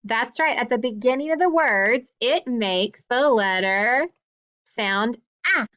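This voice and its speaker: Female teacher, higher-pitched voice, patient phonics lesson for kids, dull lo-fi recording. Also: fairly bright tone. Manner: patient, encouraging, speaks slowly to children. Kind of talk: phonics lesson for young children.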